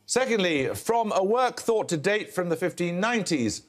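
Man, quizmaster, formal quiz hosting, crisp precise delivery, dry wit, slightly high voice, lively intonation. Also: normal speed, few pauses.

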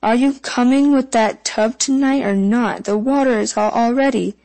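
A woman's voice: on the high side, fairly even intonation, normal speed, mellow, natural voice. A woman voicing a harsh peasant mother who scolds sharply in a storybook reading. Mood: scolding.

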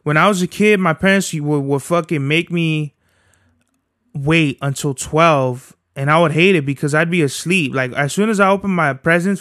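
A man's voice: fairly high pitch, normal speed, a bit bright, no room sound, studio quality. A man hosting his own podcast from home, chatting in a rambling, profane, slang-heavy way. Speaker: podcast host. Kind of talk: casual solo podcast chat.

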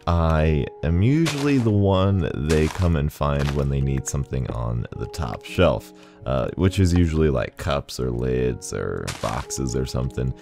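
Very deep-voiced man chatting over gameplay. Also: expressive, unhurried, vocal fry. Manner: chatty, rambling, laughs often. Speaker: gaming video host. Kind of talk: casual gameplay commentary. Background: faint game music.

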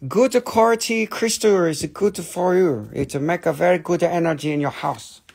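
A man's voice: high-pitched, normal speed, creaky, darkish tone, slightly rough, full character voice. A man putting on a mock Chinese accent to play a pushy crystal seller speaking clipped, broken English. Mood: salesy.

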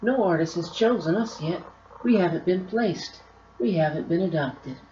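A woman's voice: on the low side, lively intonation, normal speed, warm tone, slight background noise, voice pushed up, lightly acted. A woman voicing a small, eager female muse who speaks up with glee. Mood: earnest. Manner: gleeful, exclaiming. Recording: roomy, slightly dull recording.

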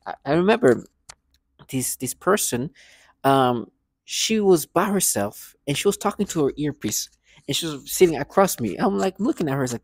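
A man's voice: fairly high pitch, animated, normal speed, husky, dry recording. Agitated man ranting in a vlog. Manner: agitated, scornful, repetitive. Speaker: vlogger.

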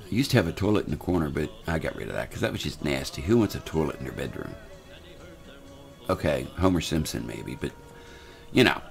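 A man's voice: very deep voice, very animated, fairly quick, gravelly, soft background music. An older man, giving folksy, rambling casual commentary while playing a game, often repeating words. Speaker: gaming channel host.

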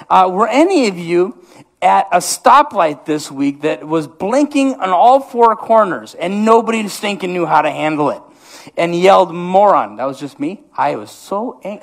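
Upper Midwest pastor, tenor-ish voice, jokey rambling sermon full of restarts. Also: male voice, sits high, vocal fry. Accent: Upper Midwest American. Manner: self-mocking, rambling with many restarts. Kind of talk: comedic sermon. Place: church sanctuary.

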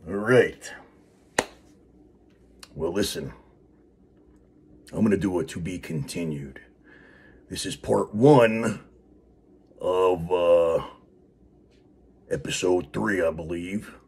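A man's voice: low-pitched, takes it slowly, long pauses, a little mellow, husky. A man hosting a wrestling vlog, talking in a loose, rambling way with lots of fillers. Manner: rambling, filler-heavy, laid-back. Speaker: wrestling show host. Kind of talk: casual vlog.

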